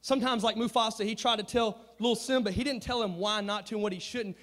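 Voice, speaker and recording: A man preaching a storytelling sermon in slangy, casual talk, swinging from hushed asides to shouting. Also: sits high, fairly even intonation, fast. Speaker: youth preacher.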